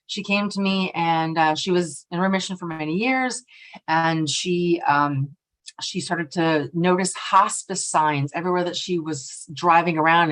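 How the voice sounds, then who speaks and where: A middle-aged woman presenting a workshop on energy tapping, lively and expressive, often checking in with "right?". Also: fairly low pitch. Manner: lively and expressive, acting out quoted voices; frequently ends points with a questioning "right?". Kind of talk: workshop talk.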